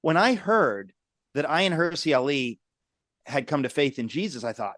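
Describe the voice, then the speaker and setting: A man's voice: fairly high pitch, expressive, normal speed, fairly bright tone, no echo, studio quality. Exclamatory male interview host. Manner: exclamatory, addresses viewers directly. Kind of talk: conversational interview.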